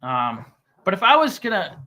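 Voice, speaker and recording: A man hosting a casual stock commentary channel, talking with halting restarts and plenty of fillers. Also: high voice, wildly swooping pitch, bright, forceful tone. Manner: reads scam email aloud mockingly. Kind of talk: casual chat.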